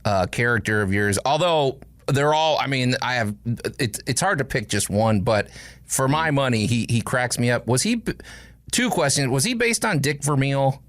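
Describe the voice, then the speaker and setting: A man's voice: mid-range voice, animated, moderate pace, fairly bright tone, no echo. Host guy, bouncy voice, curious q's, dry mic. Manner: curious, laughing, loose questions. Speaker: podcast host, interviewer. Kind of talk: casual interview chat.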